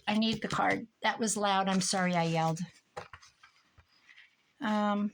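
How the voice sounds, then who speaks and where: A woman's voice: medium pitch, fairly even intonation, slow, long pauses, a little hiss or hum. A middle-aged woman rambling casually to herself and her viewers as she works on a craft project at her desk, with chatty asides. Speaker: crafting YouTuber. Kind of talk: casual crafting chat while working.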